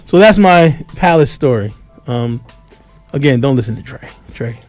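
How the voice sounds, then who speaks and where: Animated man telling a story on radio. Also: mid-range voice, moderate pace, faint music behind. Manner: animated storyteller, acts out shouted quotes. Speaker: radio show host. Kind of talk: casual storytelling on a radio talk show. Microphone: studio microphone.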